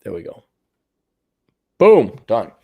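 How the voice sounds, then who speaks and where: A man's voice: lowish voice, huge pitch swings, slow pace, creaky, breathy edge, narrow, tinny audio. An American man in his forties hosting a livestream, answering viewer questions in a blunt, profane, sarcastic rant. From United States. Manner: blunt, profane, sarcastic, mocks others in mimicking voices.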